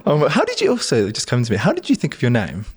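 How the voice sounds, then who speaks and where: A playful interview host who giggles between questions. The pitch leaps high and drops low constantly, making every line sound very expressive. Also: racing, husky. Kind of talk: casual interview chat.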